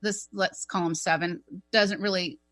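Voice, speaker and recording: On a talk radio show, a woman tells an emotional personal story, earnest and animated, frequently restarting her sentences. Her voice is on the low side, and her pace is measured.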